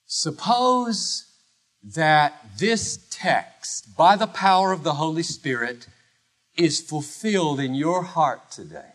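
A man preaching a sermon as pastor, emphatic, swinging from loud declarations to hushed low phrases with long pauses. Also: lively intonation.

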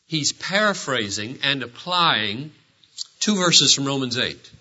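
A man preaching a sermon in a church, asking rhetorical questions with animated delivery. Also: medium pitch, a little slow, husky. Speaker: pastor. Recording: dull lo-fi sermon recording.

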